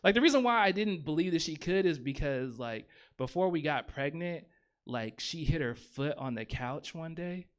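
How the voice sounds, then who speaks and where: A man's voice: a little high, animated, normal speed, smooth. A man in his thirties doing stand-up comedy on a theater stage, rambling and self-deprecating, with lots of fillers and restarts.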